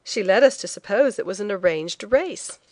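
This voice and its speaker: A woman reading the lines of a brisk male shipping agent who speaks with blunt certainty. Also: mid-range voice, expressive, a little mellow, dry recording, lightly acted. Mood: insistent. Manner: brisk, insistent.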